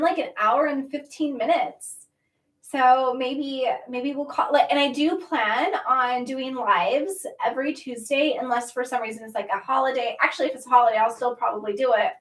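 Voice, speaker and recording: High-voiced woman chatting in an echoey room. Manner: warm, chatty, emotional at times, laughing often. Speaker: livestream host reading chat comments. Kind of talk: casual livestream chat. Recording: roomy echo, mic at a distance.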